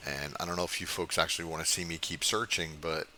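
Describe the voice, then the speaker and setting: Older man, gameplay commentary, low and bright-edged voice, grumbly and cussing, faint room hum. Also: fairly even intonation, fast talker. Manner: grumbling, profane, frustrated. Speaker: game streamer.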